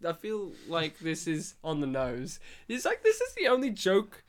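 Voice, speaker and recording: Jokey male host with a fairly high voice, animated delivery, prone to high mocking asides. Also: normal speed. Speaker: podcast host leading a movie commentary. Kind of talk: casual movie commentary chat.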